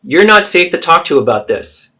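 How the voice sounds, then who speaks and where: A man's voice: on the high side, big pitch swings, sharp tone, exaggerated voice. A man playing an adult daughter who firmly confronts her mother in a therapy role-play. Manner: firm, measured.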